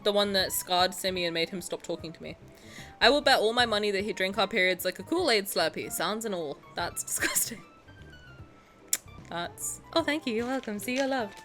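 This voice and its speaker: A woman's voice: medium pitch, animated, moderate pace, fairly bright tone, soft background music. A young woman streamer chatting casually with her viewers as she reacts, gushing and often breaking into laughter.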